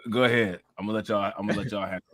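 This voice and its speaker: A man's voice: lowish voice, fairly even intonation, very fast, fairly bright tone, no room sound, studio quality. A man hosting a reaction podcast, talking in a laid-back, loose way and laughing often. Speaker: podcast host. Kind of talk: casual reaction chat.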